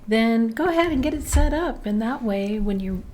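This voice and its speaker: A woman's voice: a little high, animated, normal speed, darkish tone. A woman co-hosting a casual livestream, chatty and cheerful, laughing often. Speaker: co-host.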